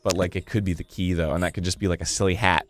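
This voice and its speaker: A man joking and reacting loudly while watching a video game being played. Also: sits low, very fast, no room sound, faint music behind. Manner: excitable, jokey, prone to loud outbursts. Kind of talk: casual gaming commentary.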